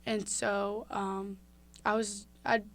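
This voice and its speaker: A woman's voice: medium pitch, flat delivery, takes it slowly. A young woman from Mississippi talks openly as a guest on a podcast. She tells her story in a candid, chatty way, full of fillers and restarts. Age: young adult. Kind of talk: casual interview.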